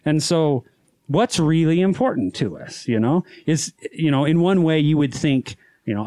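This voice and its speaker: A man with a fairly high, swinging voice tells farm stories on a podcast, chatty and animated. He laughs easily and acts out the people he quotes. The sound is dry and close on a studio mic. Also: normal speed, no echo. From Utah. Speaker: farmer, podcast guest. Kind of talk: casual storytelling chat. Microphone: podcast studio microphone.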